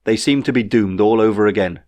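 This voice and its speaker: A man narrating his own novel in a wry, measured storytelling way. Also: lowish voice, a little mellow, no echo. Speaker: author reading his novel. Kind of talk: audiobook narration.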